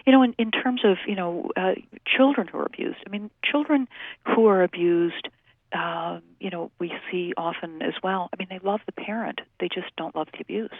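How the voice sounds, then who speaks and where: A woman who works in domestic violence services, explaining things in a measured way with many fillers during a phone-in radio interview. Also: fairly low pitch, no echo. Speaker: domestic violence program staff. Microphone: telephone. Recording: tinny phone line.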